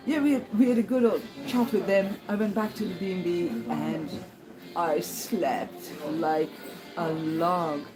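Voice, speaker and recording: A woman's voice: fairly low pitch, low-quality recording. Woman rambling on about her walk, laughs a lot, music going underneath. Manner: chatty, rambling, laughs often, acts out quoted voices. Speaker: pilgrim vlogger. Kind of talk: casual spoken travel diary.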